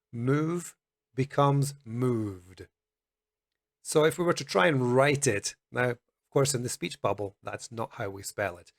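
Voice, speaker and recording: Man, English teacher, pronunciation lesson, slow deliberate delivery, mid pitch. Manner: slow, careful, demonstrates sounds. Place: Colombia.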